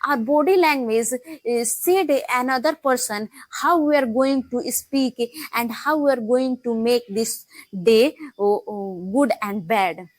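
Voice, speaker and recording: A young woman talks through her practice with many pauses and restarts. Her voice sits somewhat high. The sound is close and dry, with no room around it. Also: dry recording. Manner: halting, many fillers and restarts. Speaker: English learning vlogger. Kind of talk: casual talk to camera.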